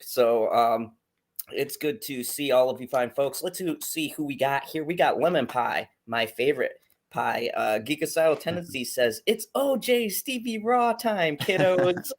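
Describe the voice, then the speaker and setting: A man's voice: mid-range voice, moderate pace. A young man hosting a casual livestream chat, hyped and joking as he reads the chat aloud. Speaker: host.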